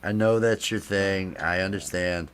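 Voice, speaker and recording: A man's voice: low-pitched, steady tone, unhurried, fairly bright tone, clean tone. A man hosting a casual late-night stream, rambling and playful. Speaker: stream host.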